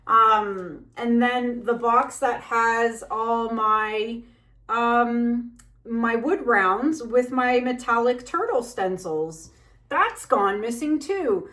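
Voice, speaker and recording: A woman's voice: a little high, drawn-out words, pushed and bright. A woman chatting casually while she paints, venting anxiously in a rambling way with many fillers. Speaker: fluid art painter and channel host.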